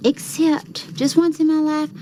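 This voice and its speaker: An actress playing a frank, teasing married waitress in a film scene. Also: female voice, high voice, level tone, a little slow. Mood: blunt teasing. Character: blunt, wisecracking married woman waitress. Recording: film soundtrack with background noise.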